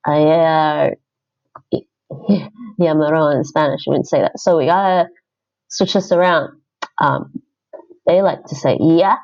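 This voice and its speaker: A woman talks her way through language-app exercises on a livestream, thinking aloud and fixing her own slips. Her voice has a gravelly fry and an unhurried pace. The stream audio sounds dull and lo-fi. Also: on the low side, darkish tone. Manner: thinks aloud, chatty, self-correcting. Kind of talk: casual livestream commentary while doing app lessons.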